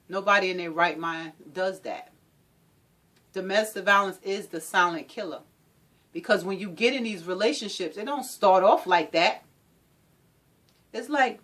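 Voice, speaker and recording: A woman's voice: fairly low pitch, unhurried, pauses often, fairly bright tone. A woman speaking as a domestic violence advocate, giving an impassioned talk with an emphatic, repetitive, preaching rhythm.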